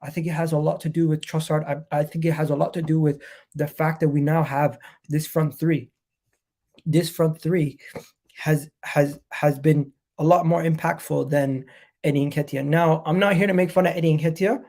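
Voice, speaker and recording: Gravelly, nasal man hyping his football club. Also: fairly high pitch, steady tone, moderate pace, darkish tone. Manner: repetitive, emphatic, hyped. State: nasal from a cold. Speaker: football fan channel host. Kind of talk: live match reaction stream.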